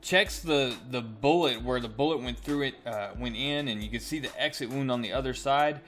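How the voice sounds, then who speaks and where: A male comic book reviewer casually walks through a plot in a chatty, storytelling way. His voice sits at an ordinary middle pitch, and faint music plays quietly behind him. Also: moderate pace.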